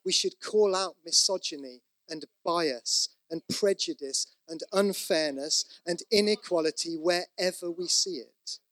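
A man's voice: on the high side, a little slow, hardly any pauses, a bit bright, dry recording. A man preaching a sermon, conversational with asides, rising to emphatic repeated exhortations. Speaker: pastor.

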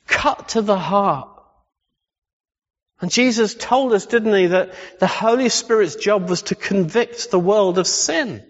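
A man's voice: sits high, moderate pace, few pauses. A man preaching a sermon, emphatic and full of rhetorical questions. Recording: echoey hall, slightly dull sound.

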